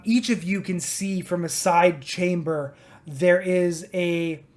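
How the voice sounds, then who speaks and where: Slow, low-voiced woman game master. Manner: relaxed, unhurried narration with fillers. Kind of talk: narrating a tabletop game.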